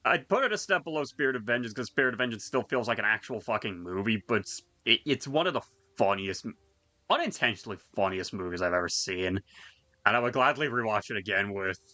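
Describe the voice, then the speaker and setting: Guy ranking movies with his pals, super animated, bright voice, dry close mic. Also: lowish voice, dry recording. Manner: excitable, laughs often, swears casually. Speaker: host. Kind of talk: casual chat with friends.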